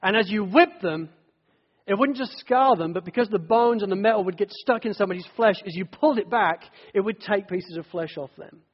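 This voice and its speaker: A man's voice: high voice, a little fast, breathy edge. A man preaching a sermon in a church, telling the story vividly and earnestly. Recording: dull echoey church hall.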